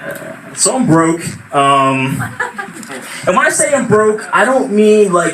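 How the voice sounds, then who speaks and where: A young man telling an animated stand-up story at an open mic, now and then shouting out quoted voices. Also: sits high, slow. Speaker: stand-up comedian. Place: small venue at open mic night. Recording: echoey room, far from mic, noisy.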